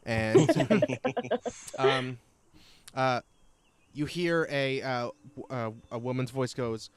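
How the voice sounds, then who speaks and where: A man's voice: mid-range voice, expressive, drawn-out words, smooth. A man narrating a tabletop game as game master, rambling with fillers and restarts.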